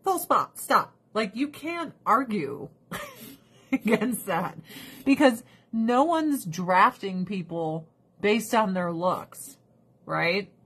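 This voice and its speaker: A woman's voice: mid-range voice, lively intonation, slow pace, fairly bright tone, slightly rough. A woman vlogger giving casual, sarcastic ranting commentary, laughing often and talking to her pets and viewers.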